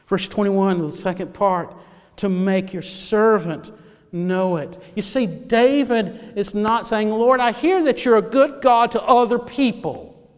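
Man preaching, high-pitched and expressive, dropping to hushes for effect; church sanctuary with long reverb. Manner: dramatic, swings from loud emphasis to near-whispers. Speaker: pastor. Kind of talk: sermon.

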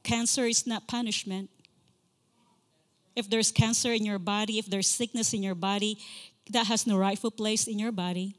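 A woman preaching a sermon as a guest speaker, impassioned, repeating key phrases and slowing down to stress scripture. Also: medium pitch, steady tone. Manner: slows to stress scripture lines. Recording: long reverb of a large hall.

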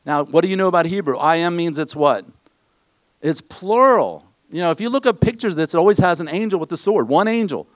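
Pastor preaching with a dry, close sound. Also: male voice, on the high side, animated, a little fast, dry recording. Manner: conversational preaching, asks the congregation questions. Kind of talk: sermon. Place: church.

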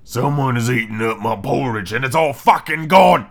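A man voicing a small, indignant little bear who swears loudly in a storybook reading. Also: mid-range voice, animated, moderate pace, creaky. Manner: loud, swearing outbursts.

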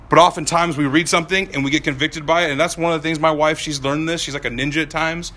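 A man in his thirties preaching a sermon as pastor, animated and swinging between soft, slow passages and loud, quick ones. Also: a little high.

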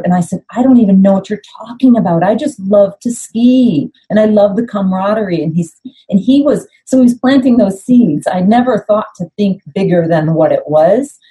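A middle-aged American woman, once an Olympic skier, appears as a guest on a podcast and tells stories in a relaxed interview. Her voice sits at a medium pitch, and she's animated, acting out the dialogue she quotes. The audio quality is poor.

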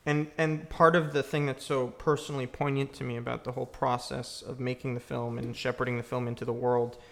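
Gravelly man fielding audience questions. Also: medium pitch, little pitch movement, brisk, fairly bright tone. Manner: reflective, searching for words. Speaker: filmmaker answering audience questions. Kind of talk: casual Q&A after a screening. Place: church used for a screening.

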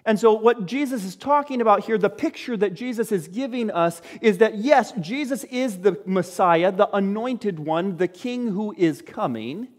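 A man preaching a sermon as a pastor, speaking in a lively way to his congregation. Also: sits high, long reverb tail.

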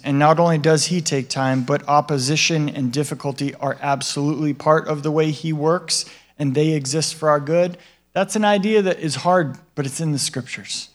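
High-voiced man preaching conversationally. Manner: conversational, asks the listeners questions and tags lines with "right?"; acts out what God and other people say in a livelier voice. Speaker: pastor. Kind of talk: sermon.

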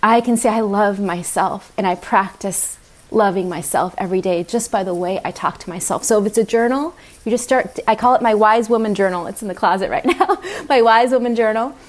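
Animated woman guest on a video call. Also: mid-range voice, a little fast. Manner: animated, playful, laughs often. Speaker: guest speaker. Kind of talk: heartfelt talk.

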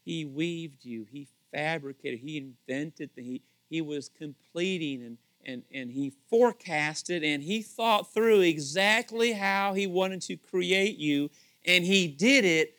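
Animated man preaching a conversational sermon. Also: on the high side, slow, no room sound. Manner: conversational storytelling, acts out voices; animated, swings between loud and soft. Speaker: pastor.

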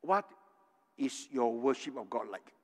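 A man's voice: medium pitch, expressive, a little slow. An older man from Singapore preaching a sermon, earnest and tagging his points with "right?". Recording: long hall reverb.

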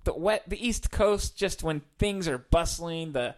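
A man's voice: fairly high pitch, animated, a little slow. A man co-hosting a podcast in casual chat, easygoing and thinking aloud as he talks. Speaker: podcast co-host.

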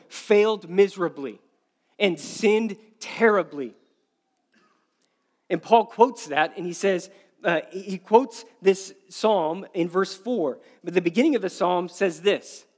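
A male pastor preaching a sermon, earnest and repeating key phrases for emphasis, often slowing to a quiet stress. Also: sits high.

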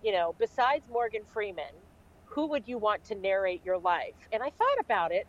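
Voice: medium pitch, big pitch swings, normal speed, a bit bright. Chatty co-host on a slightly dull recording. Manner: chatty, laughs easily. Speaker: podcast co-host. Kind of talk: casual chat.

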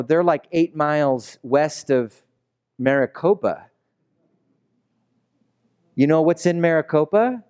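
Speaking at a medium pitch with a slightly mellow, clear and resonant tone, the pastor keeps his sermon relaxed and talkative. He weaves in stories and asks the room rhetorical questions.

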